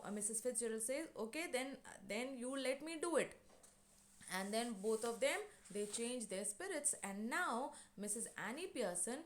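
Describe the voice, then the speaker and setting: A woman teacher explaining a lesson online, retelling and paraphrasing in a hesitant, halting way. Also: a little high. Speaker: English teacher. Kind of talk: online class lecture.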